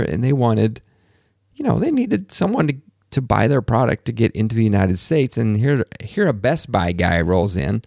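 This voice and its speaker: A low-pitched man with a gravelly, fry-laden voice, talking casually as a podcast host. He tells his stories with animation and acts out the other people in them. The sound is dry and close. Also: no room sound. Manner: animated storytelling, acts out quotes, laughs at himself. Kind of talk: casual monologue. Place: home office.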